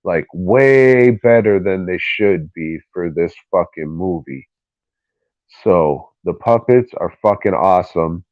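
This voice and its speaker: A man's voice: low-pitched, lively intonation, slow, dry recording. A man co-hosting a podcast who talks in casual chat, ranting bluntly and swearing freely. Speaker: podcast co-host. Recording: dull lo-fi recording.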